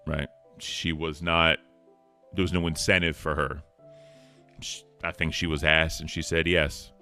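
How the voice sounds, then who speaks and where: A man's voice: low-pitched, bright, forceful tone, clean tone. A man hosting an online talk show, chatting casually and earnestly, rambling with fillers and thanking viewers. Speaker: show host.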